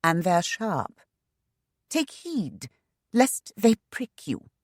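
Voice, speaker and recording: A woman voicing a haughty, sharp-tongued young heiress who gives orders without pause. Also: medium pitch, big pitch swings, husky, no room sound, clean studio sound, voice pushed up, full character voice. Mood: scathing. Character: haughty young lady estate heiress, fiery.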